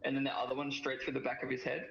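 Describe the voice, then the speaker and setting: Gravelly Australian man swearing through a game. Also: mid-range voice, monotone, a bit bright. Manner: crude, swearing, quick to laugh. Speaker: player. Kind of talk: casual tabletop game chat. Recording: echoey room, slightly dull audio.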